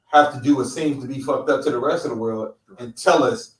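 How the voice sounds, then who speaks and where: A man's voice: medium pitch, fairly quick. A middle-aged man from California co-hosting a casual roundtable and talking bluntly with plenty of profanity. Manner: blunt, profane, emphatic storytelling. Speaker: podcast co-host. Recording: roomy, distant mic.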